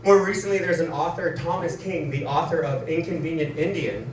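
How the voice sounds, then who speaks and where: Brisk and fairly high-pitched, a Canadian comedian from Manitoba runs through a self-mocking club set, laughing as he lands each punchline. It was recorded from afar in a roomy space, with audience noise throughout.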